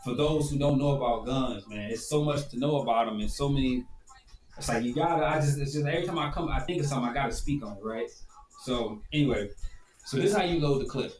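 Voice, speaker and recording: A man's voice: medium pitch, fast, a little mellow. A man with a Detroit accent telling a rambling, profane story and casually showing how something works. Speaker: video host. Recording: echoey room, faint background noise.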